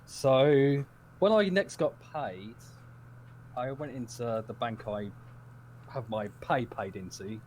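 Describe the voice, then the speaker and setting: A man's voice: medium pitch, slow, darkish tone, a little hiss or hum. A man telling a rambling, giggly story in casual chat.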